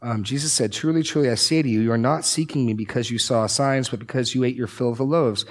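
A man teaching through a Bible passage in a casual discussion, with animated, sarcastic asides. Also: mid-range voice, fast talker.

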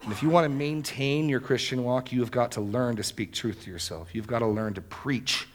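A man preaching an earnest sermon, rising to loud, emphatic exclamations. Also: mid-range voice, a little fast. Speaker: pastor.

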